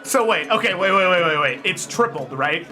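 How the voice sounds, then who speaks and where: A man running a tabletop game as game master, narrating with lots of laughter and animated energy. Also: high voice, moderate pace, over music. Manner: animated, laughing often, shouting character voices.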